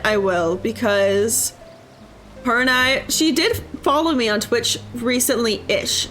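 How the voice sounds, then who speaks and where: A woman streams a game and chats casually, rambling and poking fun at herself. Her voice sits a bit high, and quiet music plays underneath. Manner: chatty, self-mocking, rambling. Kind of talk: casual chat while gaming.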